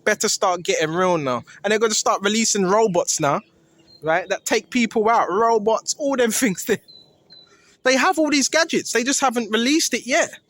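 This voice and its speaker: A man's voice: very high voice, normal speed, fairly bright tone. A man preaching informally and earnestly, pressing each point with a repeated "right?".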